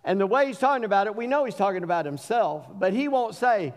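A middle-aged pastor delivers a sermon in a folksy, storytelling way. His voice sits high for a man and climbs further when he quotes. The sound rings with the long reverb of a church hall. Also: animated, quick pace, few pauses. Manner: folksy storytelling preacher, rises in pitch when quoting.

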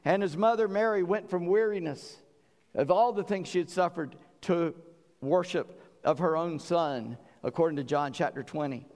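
A man's voice: on the high side, normal speed, big-room sound. A man preaching a sermon, telling stories animatedly as he acts out voices. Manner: animated storytelling, acting out voices. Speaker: pastor.

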